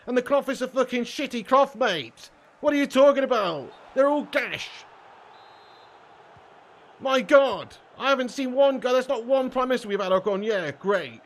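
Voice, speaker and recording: A young British man streaming a football game live, ranting and swearing at length and laughing often between comments. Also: very high-pitched. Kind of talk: casual live-stream rant.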